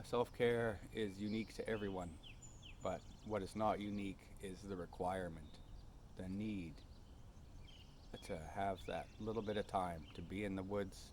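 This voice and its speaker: A man's voice: sits low, little pitch movement, normal speed, pauses often, a little mellow. Male vlogger, earnest, rambling personal storyteller, outdoor feel with faint background noise. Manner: earnest, rambling, many fillers.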